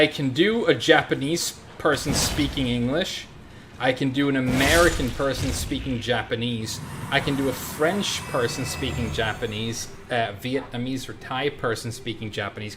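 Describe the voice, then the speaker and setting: A Swedish game streamer in his thirties rambles casually while commenting on his own gameplay. He has a mid-range voice, and the background is noisy.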